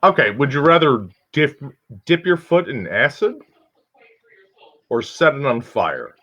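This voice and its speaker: A man's voice: mid-range voice, sing-song, a bit bright. A man co-hosting a casual comedy chat, asking questions and reacting bluntly with lots of swearing. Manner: blunt and profane, quick reactions. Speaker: co-host asking would-you-rather questions. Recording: dull lo-fi sound.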